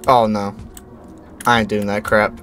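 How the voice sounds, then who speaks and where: A young man playing a horror game and commenting as he goes, reading on-screen text aloud in a slow low voice and yelping and shouting at the scares. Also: flat delivery, a little hiss or hum. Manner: jumpy, yelps and shouts at scares. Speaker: gaming YouTuber.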